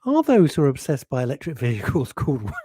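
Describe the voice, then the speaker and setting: A man's voice: medium pitch, huge pitch swings, fast talker, mellow, slight background noise. A man hosting a casual radio show, chatting, teasing listeners and laughing often. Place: radio studio.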